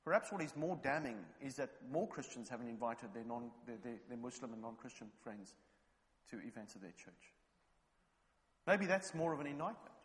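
A man from England preaching a sermon, telling anecdotes and building up to loud, fervent exhortation. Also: mid-range voice, expressive, moderate pace, big-room sound.

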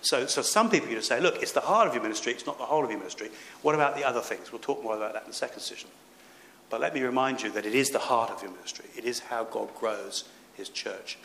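A man's voice: medium pitch, fast, creaky, bright, forceful tone. A man preaching a sermon as a pastor, earnest and emphatic, with rising exhortations. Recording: echoey room with faint background noise.

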